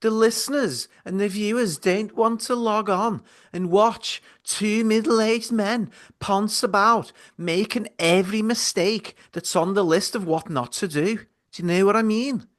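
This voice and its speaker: A man's voice: high voice, measured pace, few pauses, a bit bright, pitched above the performer's own voice. A man voicing a blunt, bossy female podcast producer in a scolding drawl.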